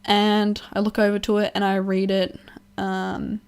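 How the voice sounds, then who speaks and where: A woman's voice: mid-range voice, completely flat delivery, unhurried, clear, resonant tone. A young woman telling a personal story in a casual vlog, rambling, swearing freely, laughing often and acting out what others said. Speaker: vlogger.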